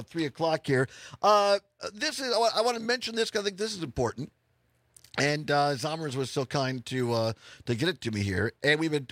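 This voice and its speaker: Lively rambling radio host man. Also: a little high, no room sound. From Wisconsin. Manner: rambling, jokey, restarts a lot. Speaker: radio talk show host. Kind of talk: casual radio chat.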